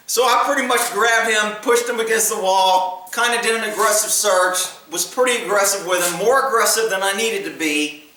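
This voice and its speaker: A man's voice: high-pitched, moderate pace, sharp tone, very echoey, distant mic, rough recording. A man telling stories from his time as a military police officer in a blunt, casual way, laughing often. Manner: blunt, laughing, acts out voices in quotes. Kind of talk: casual storytelling.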